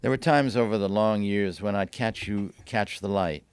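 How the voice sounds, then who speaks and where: A man reading aloud from his own novel at a bookstore event, lively, lifting his voice for the dialogue. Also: smooth, no room sound. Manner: lively, voices the dialogue with raised pitch and quick asides.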